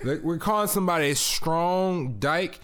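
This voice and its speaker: A man co-hosting a podcast, reacting quickly with excitable, profane casual banter. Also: on the high side. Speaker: podcast co-host.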